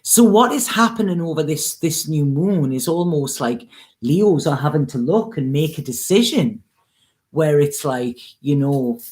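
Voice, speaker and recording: A woman's voice: low-pitched, animated, measured pace, darkish tone. A woman reads tarot in an earnest, coaxing way, and she sounds close to tears. She keeps checking in with her listeners and urges them on with feeling. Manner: earnest, coaxing, with frequent "okay?" and "you know". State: near tears, emotional. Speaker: tarot reader. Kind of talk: spiritual reading, casual monologue.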